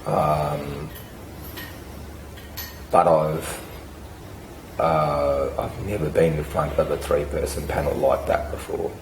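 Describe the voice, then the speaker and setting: A man with laryngitis speaking hoarsely and hesitantly as a volunteer client in a role-play therapy session. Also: extremely low pitch, level tone, takes it slowly, pauses often. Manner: hesitant, with many ums and restarts. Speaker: workshop volunteer playing a client. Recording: echoey room with noise.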